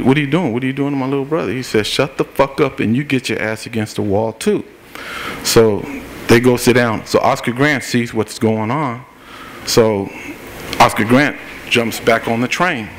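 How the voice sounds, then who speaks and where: A middle-aged man with a lowish voice tells a story to a forum audience in plain, everyday words. He walks through events one step at a time and slips into the voices of the people he quotes. A faint hiss sits under his speech. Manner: plain-spoken, recounts events step by step and acts out what people said. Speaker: activist speaking at a political forum. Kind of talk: spoken personal account at a public forum. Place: forum meeting room.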